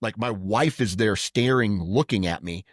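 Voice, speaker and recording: With a fairly low voice at normal speed, a middle-aged podcast co-host chats casually, telling stories and frequently starting over. The audio is clean studio sound without echo.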